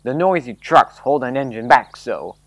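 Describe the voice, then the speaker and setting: A man voicing a big, proud steam engine that grumbles and sulks loudly. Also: medium pitch, expressive, moderate pace, gravelly, no room sound. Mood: grumbling. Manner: sulky, loud grumbling. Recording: background music.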